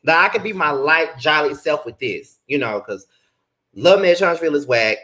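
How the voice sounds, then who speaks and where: Young guy ranting about reality tv, bright voice, sassy and cussing, big pitch jumps. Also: lively intonation, normal speed. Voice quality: blunt, profane, sassy commentary. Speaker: YouTube reality TV reviewer. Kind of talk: casual recap vlog.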